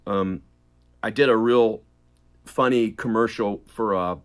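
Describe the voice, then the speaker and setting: A middle-aged man, a voice actor, chatting as an interview guest, animated and quick to laugh, drifting in and out of accents. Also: fairly low pitch, smooth. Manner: animated, laughs often, slips into accents mid-sentence. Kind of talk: casual interview chat.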